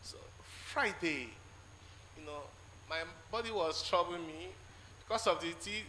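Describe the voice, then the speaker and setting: A man with a Nigerian English accent giving a spoken testimony in church, telling his story haltingly and acting out the conversations in it. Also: a little high, sharp tone. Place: large church hall. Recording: echoey church hall with faint noise.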